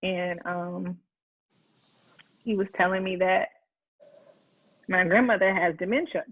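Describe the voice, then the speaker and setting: A woman's voice: on the low side, steady tone, takes it slowly, slightly rough, phone-quality sound. A woman hosting a casual faith chat, talking in a heartfelt, earnest way with many restarts. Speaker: host.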